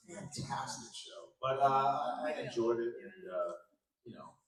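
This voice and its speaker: A man's voice: medium pitch, animated, measured pace. A middle-aged man bantering on a convention panel stage, loose and rambling with trailing fillers, taking audience questions. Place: large convention hall stage. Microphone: handheld mic through PA, filmed from front row. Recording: echoey hall from far off, crowd.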